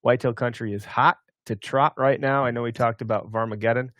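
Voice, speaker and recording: A man's voice: medium pitch, fairly even intonation, fairly bright tone, dry recording. Guy hosting a hunting podcast, jokey and rambly, dead dry close mic. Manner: joking, rambling, quick asides. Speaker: podcast host. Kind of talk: casual podcast banter.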